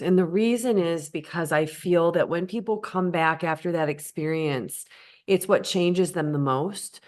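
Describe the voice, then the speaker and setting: Low-pitched female host, enthusiastic questions, video-call interview.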